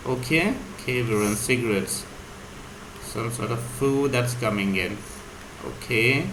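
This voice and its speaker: A man's voice: medium pitch, takes it slowly. A man teaching vocabulary casually, explaining words and spelling them out. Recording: echoey room, faint hum.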